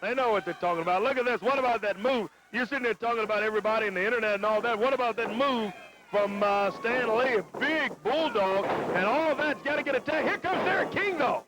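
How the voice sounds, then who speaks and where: Excitable man calling wrestling, very high voice. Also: brisk. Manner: excitable, exclaiming calls. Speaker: play-by-play announcer. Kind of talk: wrestling play-by-play. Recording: noisy lo-fi TV broadcast.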